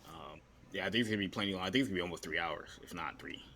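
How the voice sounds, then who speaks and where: A man's voice: deep voice, very fast, bright, forceful tone. A man co-hosting a podcast, telling a story with frequent fillers and laughter. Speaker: podcast co-host. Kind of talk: casual chat.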